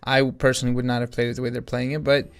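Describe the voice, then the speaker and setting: A man's voice: medium pitch, level tone, very fast, clear, resonant tone, faint music behind. Rambling man narrating his card game. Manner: rambling, thinking aloud with many restarts. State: yawning, tired. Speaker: gaming channel host. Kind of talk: casual gameplay commentary.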